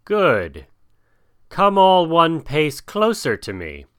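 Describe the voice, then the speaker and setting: A man voicing an ancient, commanding python who gives slow, hissing orders. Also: fairly high pitch, wildly swooping pitch, fairly bright tone, smooth, voice pushed up, heavily acted.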